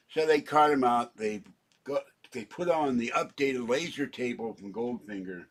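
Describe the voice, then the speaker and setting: A man's voice: medium pitch, normal speed. A man in his seventies in a rambling, chatty home vlog monologue at his kitchen, wandering from topic to topic. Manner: rambling, chatty, flares up when indignant. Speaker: vlogger.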